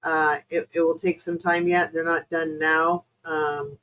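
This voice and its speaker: Over poor audio, a deep, level, slightly bright voice belongs to a US woman doing spiritual readings on a live stream at a measured pace. Her answers to viewers' questions wander, hesitant and full of fillers, and she addresses them chattily and apologetically.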